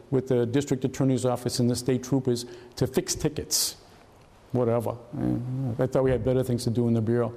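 An older man, telling anecdotes from his career to an audience and acting out the voices of people in them. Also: mid-range voice. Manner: animated, acts out voices of people in his story. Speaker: retired FBI agent telling stories. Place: hall at a historical society talk. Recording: long reverb of a hall.

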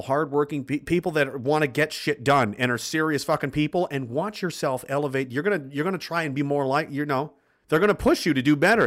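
A livestream host with a fairly high-pitched, fairly bright voice reads viewer comments. He responds with an impassioned political rant, blunt and full of swearing.

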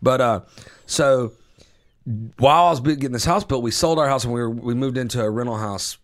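A man telling a profane story on a casual podcast, animated and loose. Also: medium pitch, brisk. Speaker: podcast host.

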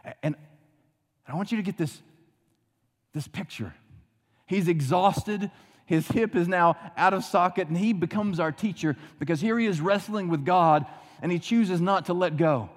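A man preaching a sermon, dramatic, often dropping to a hushed low voice for emphasis. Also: normal speed, in a large hall. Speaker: pastor.

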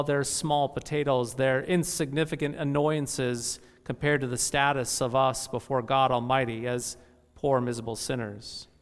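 A man's voice: a little high, in a large hall. A male pastor preaching a sermon in an emphatic way, often repeating phrases for effect.

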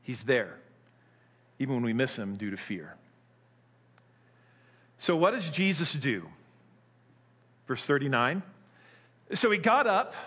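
A middle-aged man preaching a sermon, telling a story with animation before turning quiet and earnest. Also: on the high side, breathy edge. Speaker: pastor.

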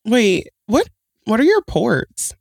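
Woman, young adult, podcast co-host, sardonic, teasing, gravelly, dry. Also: a little high, sing-song, slow, darkish tone, no echo. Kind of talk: casual comedic chat.

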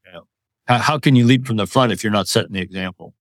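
A man's voice: fairly low pitch, quick pace, dry recording, studio quality. A man in his sixties, a retired army officer, telling leadership stories as a guest in an interview in a plainspoken, firm way. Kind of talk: interview storytelling.

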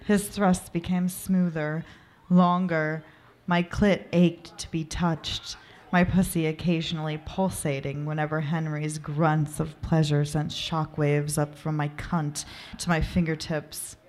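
Soft-reading woman narrator. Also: low-pitched, flat delivery. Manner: soft, unhurried reading with occasional laughs at slips. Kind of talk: amateur erotic story reading.

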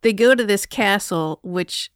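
A woman's voice: medium pitch, unhurried, no echo, clean studio sound. A woman hosting a podcast, chatting casually about a movie in a blunt, wry way. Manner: blunt, wry, laughs often. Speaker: podcast host.

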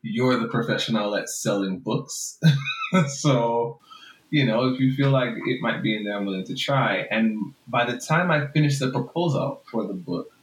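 A man's voice: mid-range voice, expressive, moderate pace, a little hiss or hum. A man with a Jamaican accent, a book author talking frankly and reflectively in an interview, often laughing. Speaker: author guest. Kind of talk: interview conversation. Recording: roomy room with faint music.

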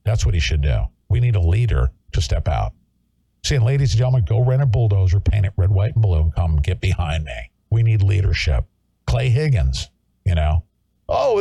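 A man's voice: mid-range voice, gravelly, mellow, breathy edge, no echo. A male talk show host ranting in an angry, confrontational way and hectoring his listeners. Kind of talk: political talk show rant.

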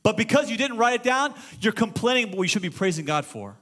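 A middle-aged man preaching a sermon as pastor, moving between loud exclamations and hushed storytelling. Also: high voice, very animated, fast talker. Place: church auditorium.

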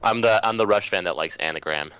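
A male podcast guest with a very low voice that is still bright and clear. He rambles eagerly through his picks, recorded dry and close. He perks up when he gets excited. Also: fast. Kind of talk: casual podcast chat.

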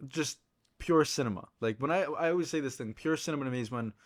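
A man's voice: medium pitch, fast. A man co-hosting a podcast, rambling enthusiastically about films in casual chat. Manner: enthusiastic, rambling, repeats yeah. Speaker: podcast co-host.

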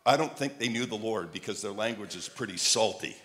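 A man preaching a sermon, telling lively stories and repeating phrases like a chant. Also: fairly low pitch, brisk. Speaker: traveling preacher. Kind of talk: sermon with storytelling.

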